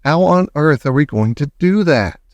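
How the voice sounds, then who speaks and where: A man voicing a firm, kindly old grandmother who speaks in a measured, deliberate way. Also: a little high, expressive, no room sound, lo-fi sound, voice pushed up.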